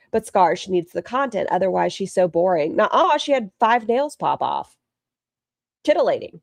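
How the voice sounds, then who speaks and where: Woman reaction streamer, sarcastic commentary, lively pitch and a dry sound. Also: moderate pace, vocal fry, dry recording. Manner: sarcastic, mocking asides, reads super chats.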